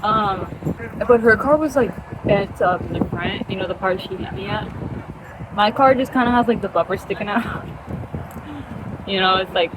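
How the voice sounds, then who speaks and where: A chatty young woman rambles through a casual story time, her talk packed with fillers. Her voice sits at an ordinary middle pitch. Clear traffic noise from a street outside runs underneath. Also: normal speed, long pauses.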